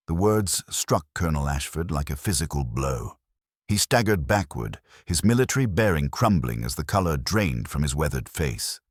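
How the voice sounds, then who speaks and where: A man's voice: very deep voice, very animated, normal speed, no room sound, studio quality. A man narrating a mystery story in a dramatic storytelling manner.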